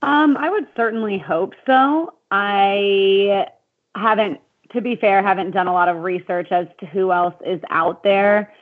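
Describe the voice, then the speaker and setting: A woman's voice: mid-range voice, unhurried. Woman guest on a tinny phone line. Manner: thoughtful, hedging with fillers. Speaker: podcast guest, sports YouTuber. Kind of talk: casual interview answers.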